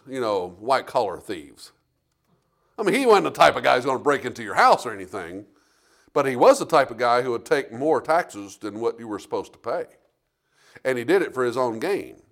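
A middle-aged man preaching as a pastor, telling stories and asking the congregation for amens. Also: on the high side. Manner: lively preaching with call-and-response amens. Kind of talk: sermon with storytelling.

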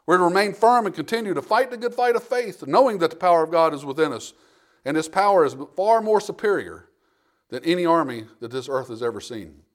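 A man's voice: a little high, expressive, brisk. A man preaching a sermon in a conversational way, repeating himself and acting out quotes from scripture. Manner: conversational preaching with frequent restarts and acted-out quotes. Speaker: pastor.

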